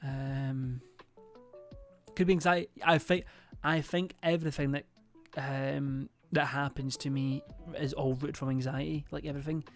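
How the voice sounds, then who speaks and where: A man's voice: medium pitch, little pitch movement, unhurried, faint music behind. A young man, chatting casually to his stream in a rambling, hesitant way full of fillers and swearing.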